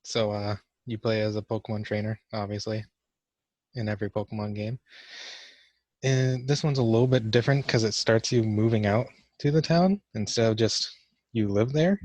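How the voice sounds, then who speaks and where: A man's voice: on the low side, normal speed, darkish tone, no echo. Awkward young man narrating gameplay. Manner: awkward, self-mocking joking. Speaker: gamer doing a class vlog. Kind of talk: casual let's-play commentary.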